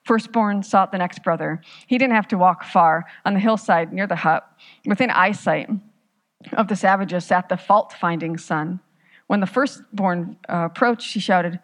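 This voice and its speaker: A woman pastor telling a parable in a sermon, with a measured, dramatic reading. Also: on the low side, big-room sound. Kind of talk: sermon storytelling.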